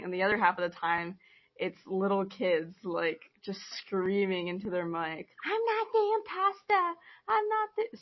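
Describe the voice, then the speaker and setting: A young woman, a podcast guest in casual chat, telling playful stories. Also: fairly low pitch. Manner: chatty, playful storytelling. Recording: dull lo-fi sound.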